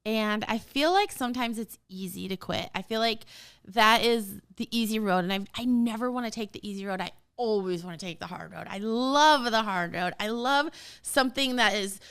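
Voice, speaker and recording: Animated woman with a smooth voice. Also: mid-range voice, moderate pace. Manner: animated and emphatic, often laughing; talks straight to listeners as a parent. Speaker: podcast host. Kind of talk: casual podcast chat.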